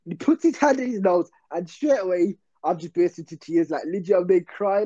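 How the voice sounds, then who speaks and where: A young man tells a story in loose, slangy, self-interrupting chat. His voice sits a little high but sounds dark and mellow. The recording is dull and lo-fi. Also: brisk, hardly any pauses. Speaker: podcast host.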